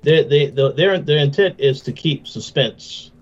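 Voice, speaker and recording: A man co-hosting a casual TV recap podcast, talking in halting bursts and repeating his words. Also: fairly high pitch, lively intonation. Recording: dull lo-fi sound.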